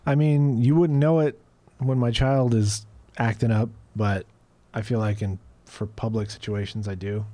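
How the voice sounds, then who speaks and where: A man's voice: on the low side, steady tone, measured pace, dark tone. A man co-hosting a casual podcast, answering in brief, hesitant replies. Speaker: podcast co-host.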